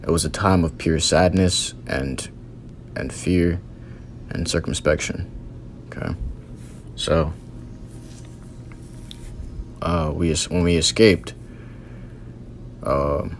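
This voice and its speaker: A man's voice: a bass voice, fairly even intonation, slow pace, long pauses, slight background noise. A man earnestly recounting a religious vision as a testimony, in loose storytelling with many fillers.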